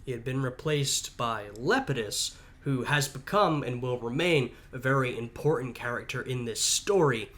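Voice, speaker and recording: A man's voice: medium pitch, animated, moderate pace, hardly any pauses, a bit bright. Slightly sick man chatting casually. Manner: chatty, thinking aloud with fillers. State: a little sick, voice sounds off. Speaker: host of a history reaction channel. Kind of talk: casual reaction commentary.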